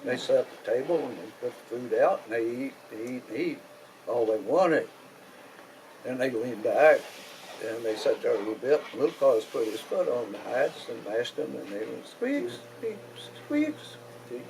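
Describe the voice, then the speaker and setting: A man with a Kentucky accent spins a folk tale in a slow, folksy drawl full of rural grammar and pauses. His voice sits at a middle pitch, with a faint hiss of noise behind. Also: creaky, a little mellow, poor audio. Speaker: storyteller. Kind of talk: oral folk storytelling.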